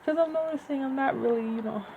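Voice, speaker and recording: A woman who hosts a podcast, reading her own fiction aloud and then chatting casually, with slow, deliberate enunciation and rambling asides. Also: high voice, creaky, dark tone, a little hiss or hum, low-quality recording. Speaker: podcast host and author.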